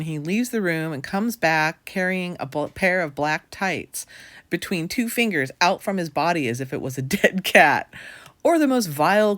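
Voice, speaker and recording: A woman's voice: lowish voice, no room sound. A woman in her forties telling a comic true story about her own youth as a voice-over. She talks candidly and wryly and swears casually. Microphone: voice-over recorded for an animated video.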